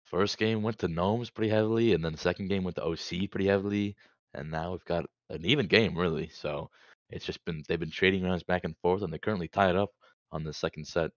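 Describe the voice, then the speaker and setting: A man giving relaxed esports color commentary, recapping the plays step by step. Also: deep voice, brisk, dry recording, lo-fi sound.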